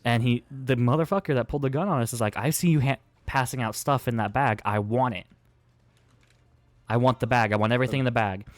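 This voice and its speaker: A man's voice: medium pitch, quick pace, dry recording. A young man chatting with a friend while gaming, swearing and laughing as he tells a story. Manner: profane, laughing, lively storyteller. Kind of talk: casual chat while gaming.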